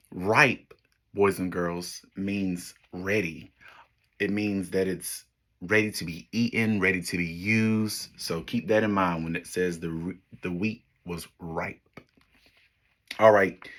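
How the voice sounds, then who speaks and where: A man's voice: low voice, a bit bright. A man teaching young children, reading a picture book aloud to them in an encouraging way, praising them often and pointing out the pictures.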